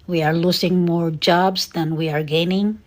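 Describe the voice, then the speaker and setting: An American woman talking earnestly and sadly to her viewers, halting with many fillers and close to tears. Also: on the low side, fairly even intonation, a little mellow. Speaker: vlogger. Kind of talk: casual emotional monologue to viewers.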